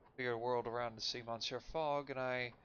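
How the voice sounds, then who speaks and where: A man reading a story game aloud for a stream, reading quickly and often stumbling and correcting himself. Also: medium pitch, steady tone, fairly bright tone. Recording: lo-fi with faint noise.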